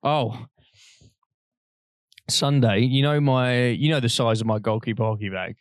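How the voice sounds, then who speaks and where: A man's voice: medium pitch, a little slow, no room sound, clean studio sound. A young man, co-hosting a podcast and telling a long, rambling story in casual chat, laughing often and swearing freely. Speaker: podcast co-host.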